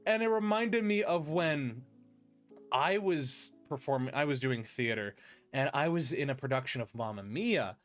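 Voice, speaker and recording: A man's voice: mid-range voice, expressive, normal speed, soft background music. A man hosting a podcast, chatting casually and telling stories with lots of restarts and fillers. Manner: rambling storyteller, many restarts and fillers. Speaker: podcast host. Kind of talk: casual chat.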